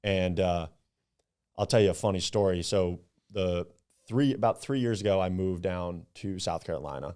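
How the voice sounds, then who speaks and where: A young man from Upstate New York, a podcast guest, chatting casually and acting out his stories with animated quotes and some swearing. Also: deep voice, normal speed, clear, resonant tone. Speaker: podcast guest, club founder.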